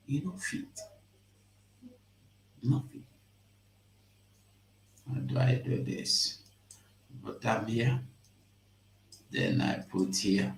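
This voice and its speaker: A man with a Nigerian Pidgin accent hosting a casual live stream, emphatic and repetitive, jumping from loud bursts to hushed asides. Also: medium pitch, sing-song, very slow, vocal fry, long pauses, reverberant. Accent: Nigerian Pidgin English.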